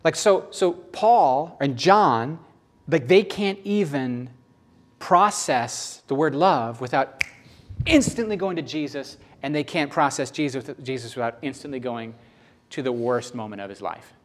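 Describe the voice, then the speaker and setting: A man's voice: mid-range voice, expressive, measured pace. Male preacher for a sermon read: emphatic, repeats lines, mid-range voice. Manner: emphatic, repeats phrases, swings between loud and hushed.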